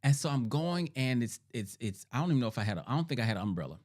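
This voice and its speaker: A middle-aged man talks listeners through his ideas like a teacher, his pitch swinging up and down with animation. He repeats his key points and checks in with "right?" and "okay?". He sounds a little sick, clearing his throat now and then. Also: sing-song, rapid-fire, a little mellow. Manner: repetitive, emphatic, rhetorical "right?" checks. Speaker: therapist hosting a podcast. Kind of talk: teaching monologue.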